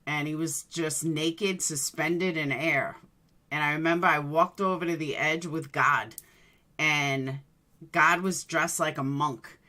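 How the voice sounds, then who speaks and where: A woman with a low, bright voice speaks slowly, in a steady yet forceful tone, while hosting a livestream. She chats casually with her viewers, addressing them by name, and tells rambling personal stories.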